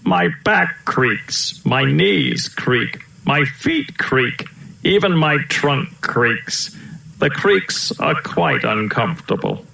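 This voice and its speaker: A man voicing a gentle, kindly old male elephant who tells slow stories, in a roomy-sounding recording. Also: medium pitch, expressive, gravelly, slight background noise, voice pushed up, full character voice. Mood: weary. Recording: roomy echo.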